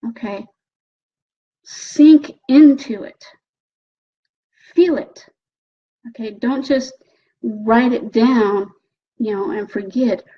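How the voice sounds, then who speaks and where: A woman coach talks with animated energy, often checking in with "okay?" as she acts out her own excited thoughts. Her voice sits a bit high and carries a husky edge. The recording is dull and lo-fi. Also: takes it slowly, pauses often. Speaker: motivational coach. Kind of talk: motivational talk.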